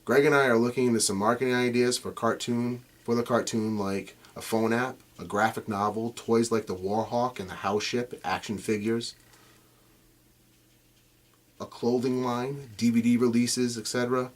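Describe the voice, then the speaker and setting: A man who voices cartoon characters and co-creates the show, explaining his work in a relaxed way with some fillers. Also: mid-range voice, normal speed. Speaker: voice actor and co-creator. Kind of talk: behind-the-scenes narration.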